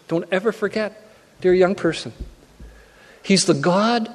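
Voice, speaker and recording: A man's voice: sits high, unhurried, long pauses. A man preaching a sermon, earnest and repeating his key phrases for emphasis. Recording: long hall reverb.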